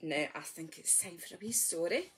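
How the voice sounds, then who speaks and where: A woman's voice: on the low side, animated, moderate pace, a little hiss or hum. A Scottish woman leading a library rhyme time for babies and toddlers. She talks in a sing-song, exclamatory way, coaxing the parents and little ones, and reads a storybook aloud. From Scotland. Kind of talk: baby and toddler rhyme session with a storybook reading.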